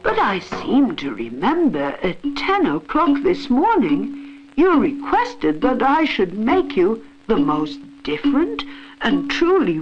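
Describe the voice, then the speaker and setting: A woman's voice: on the high side, voice pushed up. Lady doing a big lofty god, formal and kinda offhand, voice bouncing all over, muffled old cartoon track with music. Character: big grand male god, lofty and unbothered. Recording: dull old film soundtrack with music.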